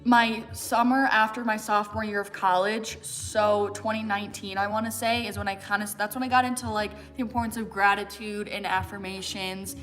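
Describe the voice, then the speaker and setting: A woman's voice: medium pitch, steady tone, normal speed, hardly any pauses, fairly bright tone, faint music behind. A young American woman in her twenties hosting a livestream, chatting casually and answering viewer questions with lots of fillers. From United States. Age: 20s. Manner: chatty, many fillers and "like", laughs often. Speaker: fitness livestream host.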